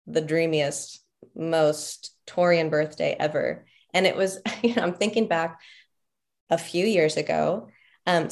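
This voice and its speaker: A woman guest on a podcast, talking casually and telling personal stories with frequent laughs and lots of "like". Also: on the low side. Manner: warm storytelling with frequent laughs and "like" fillers. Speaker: podcast guest, relationship coach. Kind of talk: casual conversational podcast talk.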